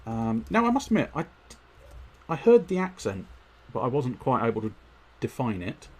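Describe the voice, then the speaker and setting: A man's voice: fairly high pitch, huge pitch swings, moderate pace, gravelly. A man chatting casually on a live game stream, wordy and politely formal, with frequent fillers and restarts. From United Kingdom.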